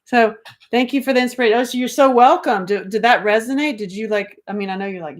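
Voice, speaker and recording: A woman's voice: a little high, fast. A middle-aged woman hosting a casual livestream, talking animatedly, swearing freely and reading out viewer comments. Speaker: livestream host.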